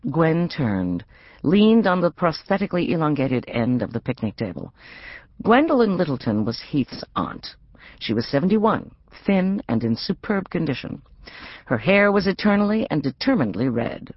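A middle-aged woman narrating an audiobook in an expressive, wry reading. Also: low voice, normal speed, dry recording, dull audio. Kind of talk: scripted narration.

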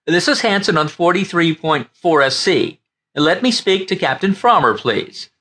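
A man's voice: on the high side, very animated, moderate pace, bright, forceful tone, voice pushed up, heavily acted. A man voicing an eager young station attendant in an audiobook, stubborn and insistent about the rules.

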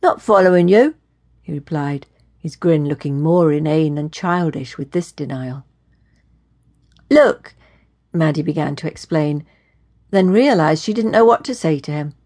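A woman narrating a suspense audiobook in a steady, measured storytelling manner. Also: deep voice. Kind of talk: scripted narration.

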